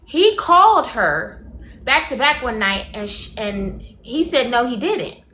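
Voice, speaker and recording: Woman livestream host, slightly high voice, fast animated gossip recap, chats straight to viewers. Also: reverberant. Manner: rapid, animated storytelling, greeting viewers mid-sentence.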